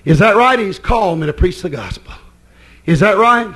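A man preaching a sermon as pastor, excitable and breaking into shouts. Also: high-pitched, normal speed, husky.

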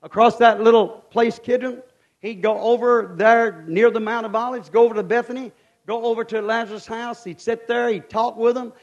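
A male preacher delivering a fervent sermon in a voice high for a man. He drops to a hush, then climbs to shouted peaks. He talks in a folksy way and keeps asking the congregation questions. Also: steady tone, normal speed, lo-fi sound. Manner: fervent, swings from hushed to shouting.

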